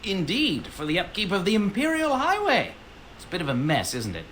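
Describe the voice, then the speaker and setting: Sly bandit leader. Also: female voice, medium pitch, huge pitch swings, brisk, fairly bright tone, a little hiss or hum. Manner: smooth-talking, wheedling. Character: sly female bandit leader posing as toll collector.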